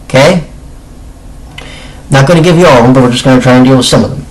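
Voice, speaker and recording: An anime reviewer chats through a casual spoken video review, emphatic and often correcting himself. His medium-pitched voice is slightly hoarse, and he talks fast and clears his throat. The audio quality is poor.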